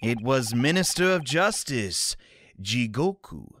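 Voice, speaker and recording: A man voicing a guilt-ridden soldier in a video game playthrough, speaking slowly and heavily. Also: mid-range voice, very animated, fairly bright tone, a little hiss or hum. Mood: solemn. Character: gruff male Japanese soldier, guilt-ridden and solemn.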